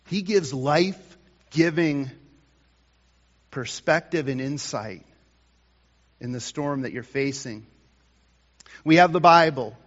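A male pastor delivering a morning sermon, slow and emphatic, rising to loud bursts and dropping to quiet lines. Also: on the high side, animated. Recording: dull sound with long hall reverb.

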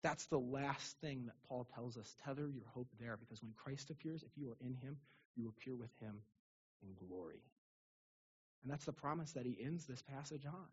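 A young adult male pastor giving a casual, animated sermon in a church, asking the congregation rhetorical questions. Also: mid-range voice, moderate pace, breathy edge, highs cut off. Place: church sanctuary.

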